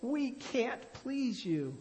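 A man's voice: high voice, big pitch swings, unhurried, fairly bright tone, in a large hall, a little hiss or hum, pitched above the performer's own voice, exaggerated voice. A man voicing a crowd of thirsty villagers in a read-aloud story, pleading and anguished. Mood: desperate.

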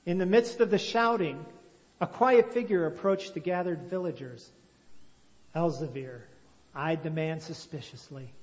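A man reading a moral story aloud in a measured, expressive way, then explaining its meaning as a religious teacher. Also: a little high, long reverb tail.

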